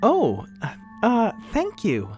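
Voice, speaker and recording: A man doing a dazed, hypnotized woman in a flat monotone. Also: high-pitched, slow, faint music behind, voice pushed up, full character voice. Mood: perplexed. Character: entranced young wife, female, hypnotized.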